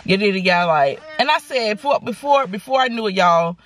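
A woman, telling a story to her viewers in a casual, animated, sassy way from inside a car. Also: mid-range voice, a little fast. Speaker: vlogger. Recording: car noise behind the voice. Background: car and road noise.

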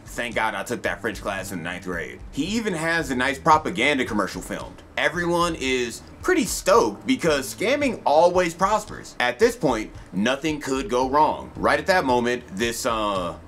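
A man's voice: mid-range voice, sing-song, normal speed, hardly any pauses, a bit bright, a little hiss or hum. A man narrating a cartoon review in a scripted comedic style, sarcastic and crude, with mock-formal asides.

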